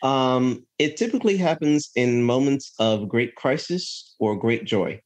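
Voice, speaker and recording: A man on a podcast shares a personal story earnestly and reflectively, often restarting sentences and tossing in "right?" as he thinks aloud. His voice is medium-pitched and darkish, with lively intonation and an unhurried pace.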